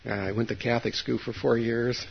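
An older man, a Zen meditation teacher, giving a dharma talk to a group in a halting, folksy way, with many fillers, restarts and asides to his listeners. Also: medium pitch, level tone, creaky, slightly rough. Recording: dull lo-fi recording.

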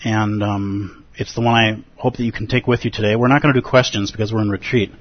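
A man, a Buddhist teacher, giving an earnest and expressive dharma talk at a retreat, acting out feelings with gasps and pauses. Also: lowish voice, no room sound. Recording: dull lo-fi recording.

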